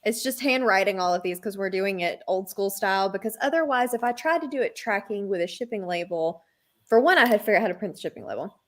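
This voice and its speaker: A woman's voice: medium pitch, fast talker. A woman co-hosting a casual livestream on a video call, explaining things at length with many fillers. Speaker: livestream co-host. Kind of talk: casual group chat.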